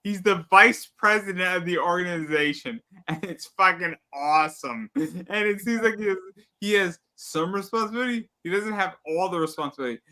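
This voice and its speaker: A male podcast host talks in a high, bright, forceful voice. He is animated and self-mocking in casual banter, with the odd curse. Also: normal speed.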